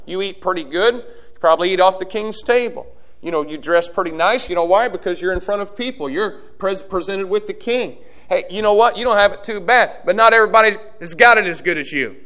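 A man preaches a sermon in a notably high voice. He swings from quiet, low passages up to fervent shouted appeals aimed at his congregation. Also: fairly quick.

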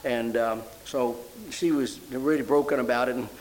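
Speaking steadily at a moderate pace, an older man preaches, telling a story before climbing into fervent praise with high emotional exclamations. The low-quality recording carries slight background noise.

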